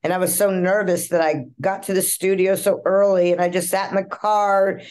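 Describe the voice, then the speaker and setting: A woman's voice: medium pitch, fairly even intonation, moderate pace, darkish tone. An older woman, a guest actress, telling rambling anecdotes in an interview, with restarts and frequent laughter. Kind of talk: storytelling interview.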